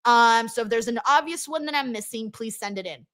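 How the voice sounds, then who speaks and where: Bright-voiced chatty woman host. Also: on the high side, fairly quick. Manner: chatty, lots of ums, excitable bursts. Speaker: wrestling livestream host. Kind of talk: casual livestream chat, reading super chats.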